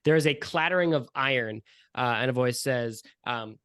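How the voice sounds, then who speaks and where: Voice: medium pitch, normal speed, a bit bright, clean tone, no echo. Dm narrating a tabletop game, loose and giggly, dry close sound. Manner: laughing, loose, filler-heavy. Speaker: game master.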